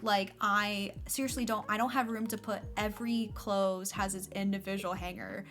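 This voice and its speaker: With faint music behind her, a young woman with a steady, mid-range, slightly bright voice talks at a normal speed while playing a game on stream, using "like" a lot in her casual chatter.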